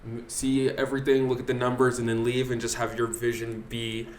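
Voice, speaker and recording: A man hosting a podcast, giving short agreeing replies and asking loose, halting questions in casual chat. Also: medium pitch, monotone. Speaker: podcast host. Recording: echoey room with faint noise.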